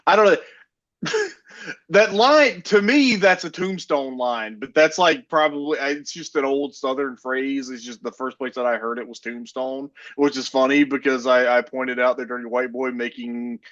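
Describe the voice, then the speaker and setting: A man's voice: medium pitch, moderate pace, fairly bright tone. Man, podcast co-host, laid-back, laughs easily, lo-fi mic. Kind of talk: casual chat.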